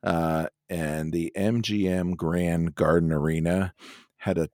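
A man's voice: deep voice, steady tone, takes it slowly, a little mellow, dry recording, studio quality. A man co-hosting a podcast in a casual chat, joking and easygoing, laughing often. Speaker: podcast co-host.

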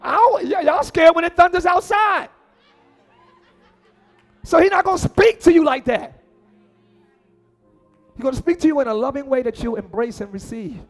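A man preaching a lively sermon as pastor, acting out voices and shouting lines for emphasis. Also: very high-pitched, moderate pace, long pauses, faint music behind.

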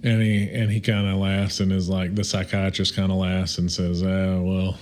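A man co-hosting a casual podcast chat, halting and often restarting his sentences as he tells a story. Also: sits low, completely flat delivery, a little hiss or hum. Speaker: podcast co-host.

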